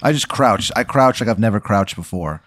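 A man in his thirties answering a hypothetical in casual, halting talk, often repeating words. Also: fairly low pitch, animated, a bit bright, no echo, studio quality. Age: 30s. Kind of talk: casual improvised chat.

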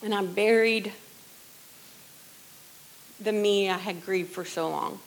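A middle-aged woman sharing a personal testimony in church, earnest and conversational, often dropping to a hushed voice. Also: medium pitch, fairly even intonation, slow pace, poor audio. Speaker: worship leader sharing testimony.

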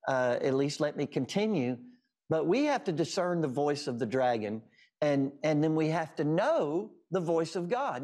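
An American man with a fairly high voice preaches with fervor as a show host. He hammers his points home by repeating key phrases. His delivery is emphatic and builds in intensity. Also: a little mellow. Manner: impassioned, repetitive, emphatic preaching.

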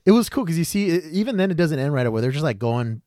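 A man's voice: a little high, fast talker, no room sound. Young guy hosting a podcast, hyped and rambly, swears a lot, dry close mic. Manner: excitable, rambling, swears freely. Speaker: podcast host. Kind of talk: casual chat.

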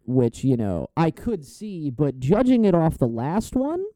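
A man's voice: fairly high pitch, big pitch swings, measured pace, dark tone, no echo. A man co-hosting a casual podcast chat, talking loosely and profanely, often trailing off mid-thought. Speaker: podcast co-host.

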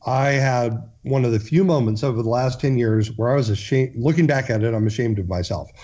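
A man's voice: medium pitch, a little fast, warm tone, highs cut off. A man, a guest in an interview, telling a long story earnestly, with frequent restarts and fillers.

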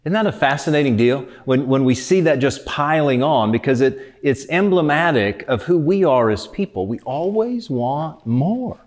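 A man's voice: medium pitch, expressive, moderate pace, hardly any pauses. Conversational man giving a reflective talk. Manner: conversational, asks listeners rhetorical questions. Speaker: speaker.

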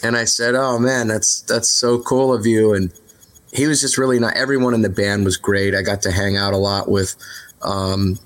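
A rock singer being interviewed, telling rambling road stories in a relaxed, candid way, full of fillers and restarts. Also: male voice, lowish voice, moderate pace. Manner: relaxed, candid, mildly profane. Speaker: rock singer, podcast guest. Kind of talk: casual interview storytelling.

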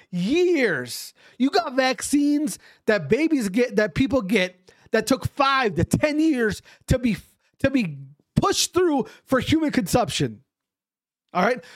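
Man ranting with lively pitch swings. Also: no echo, studio quality. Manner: emphatic, profane, repeats his points; sarcastic, mimics others' voices mid-rant. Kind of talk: casual ranting monologue.

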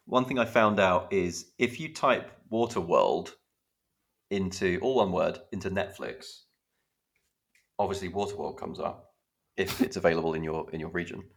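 A man co-hosts a relaxed podcast in a very low, deep voice. He talks freely and chattily, dropping the odd curse word. He likes to act out the bits he is describing. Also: normal speed, gravelly. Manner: chatty, swears casually, acts out film scenes. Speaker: podcast co-host. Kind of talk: casual chat.

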